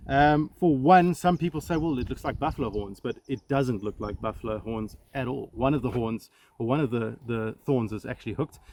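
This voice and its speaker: Man, safari ranger, relaxed chatty guide, self-deprecating, outdoor recording with clear background noise. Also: mid-range voice. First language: English. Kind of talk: casual guided nature talk. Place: outdoors in the bush, from a safari vehicle. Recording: noisy outdoor field recording. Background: steady outdoor noise.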